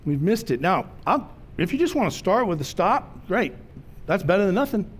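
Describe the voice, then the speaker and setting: A middle-aged man preaching a sermon in a conversational, storytelling way, slowing down to stress key words. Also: high-pitched, very animated. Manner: conversational, storytelling preacher with slow emphatic phrases. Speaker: pastor.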